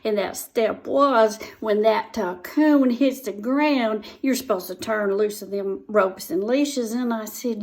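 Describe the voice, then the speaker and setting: A woman's voice: medium pitch, takes it slowly, hardly any pauses, a little mellow. A woman telling a folksy comic story in a drawl, repeating words for effect.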